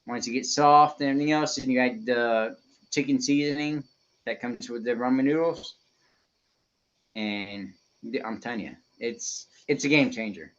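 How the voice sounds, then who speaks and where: A man's voice: medium pitch, normal speed, fairly bright tone. A man chatting as a guest on a casual podcast, emphatic and repeating himself as he explains. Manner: repeats phrases, emphatic, restarts often. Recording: dull lo-fi sound.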